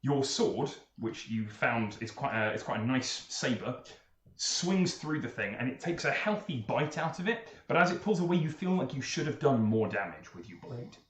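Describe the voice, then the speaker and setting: A man narrating as game master, playful and animated, jumping up in pitch for emphasis. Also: moderate pace. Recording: echoey room mic with faint noise.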